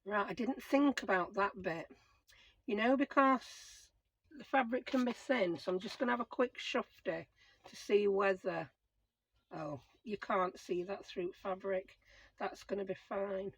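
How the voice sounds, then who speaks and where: A middle-aged woman who hosts a crafting channel talks to herself as she works on a craft project, casually explaining each step in a chatty way. Her mid-range voice is a little slow with a breathy edge, and the audio quality is poor.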